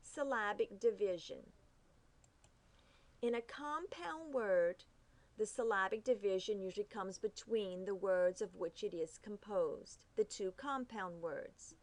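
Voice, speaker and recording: A woman teaching phonics rules, reading each rule slowly and carefully, sounding out the letters. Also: medium pitch. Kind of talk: phonics lesson.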